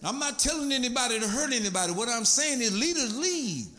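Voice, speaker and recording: High, bright-voiced man preaching emphatically. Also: animated, a little fast. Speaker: pastor. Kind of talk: sermon with personal stories. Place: church sanctuary.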